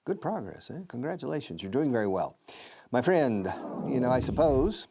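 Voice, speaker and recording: A man teaching a televised language lesson, energetic and encouraging, repeating phrases again and again as drills. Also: mid-range voice, normal speed, gravelly, breathy edge. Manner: animated, encouraging, playful. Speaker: TV English teacher.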